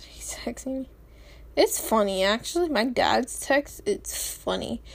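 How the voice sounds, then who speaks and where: Slow-talking chatty teenage girl, high voice. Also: vocal fry, slight background noise. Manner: rambling, chatty, giggly, apologetic asides. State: throat sore, tongue feels swollen. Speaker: vlogger. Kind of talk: casual chat.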